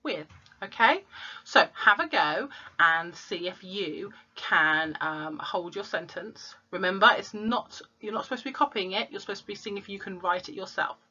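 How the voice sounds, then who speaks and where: A woman teacher, slowly sounding out letters and words in a phonics lesson for young children. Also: medium pitch, lively intonation, bright, forceful tone, muffled recording. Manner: slow, clear sounding-out of letters. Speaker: primary school teacher.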